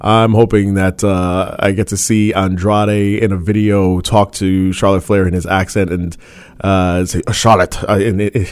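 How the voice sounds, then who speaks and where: A man co-hosting a casual podcast in a low voice, rambling and restarting often and breaking into laughter. The sound is dry and close, with no room around it. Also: little pitch movement, darkish tone, smooth, no room sound. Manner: rambling, halting, frequent laughs and fillers. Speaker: podcast co-host.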